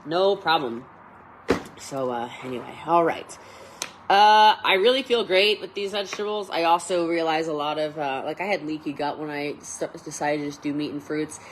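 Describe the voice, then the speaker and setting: A woman's voice: sits low, moderate pace, a little hiss or hum, rough recording. A woman coaching network marketing in a casual livestream, chatty and rambling with many fillers.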